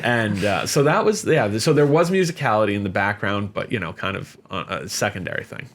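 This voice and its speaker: A middle-aged man as a podcast guest, telling stories casually with lots of fillers and animated jumps in pitch whenever he quotes someone. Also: a little fast. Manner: animated, jumps up in pitch when quoting others; chatty with many fillers. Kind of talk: casual storytelling.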